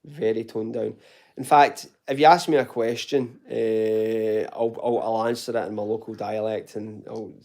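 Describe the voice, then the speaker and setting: A Glaswegian man with a warm, dark tone chats loosely through a live question session from home. He talks informally, tossing in "mate" and "buddy" and the odd swear word. His Scottish accent is softened but still clear. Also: lowish voice, steady tone, a little slow. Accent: Glaswegian Scottish, toned down. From Glasgow, Scotland. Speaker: fitness channel host answering live chat. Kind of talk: casual live Q&A chat.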